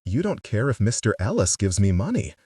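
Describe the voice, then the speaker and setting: A man's voice: fairly low pitch, very animated, brisk, a little mellow, slightly rough, no echo, distant mic. A man reading an audiobook, voicing an angry, defiant teenage girl who speaks in bitter accusations. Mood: accusing.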